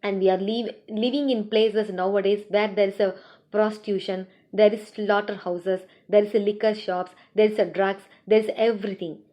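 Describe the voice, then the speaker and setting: A woman's voice: medium pitch, moderate pace. Woman teaching a scripture class. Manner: lively storytelling, asks the class questions. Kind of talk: storytelling scripture lecture. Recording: dull lo-fi recording.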